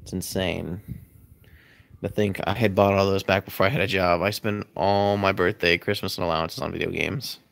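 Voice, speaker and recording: Man, casual livestream chat, fairly low voice, chatty and rambling, sleepy, home loft, phone mic. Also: flat delivery, normal speed, vocal fry, fairly bright tone. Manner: rambling, chatty, answers viewer comments. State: sleepy, yawning. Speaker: livestream host. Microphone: phone camera.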